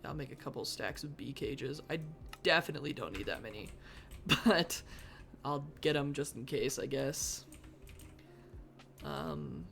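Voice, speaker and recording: A woman's voice: deep voice, expressive, unhurried, creaky, pauses often, a bit bright. A woman streaming live from her desk at home, muttering wry gameplay commentary to herself and easily getting sidetracked. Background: faint background music.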